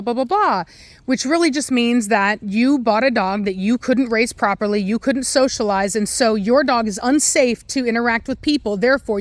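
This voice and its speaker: Blunt, exasperated high-voiced woman. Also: no room sound. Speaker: dog breeder and trainer. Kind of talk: opinionated commentary rant.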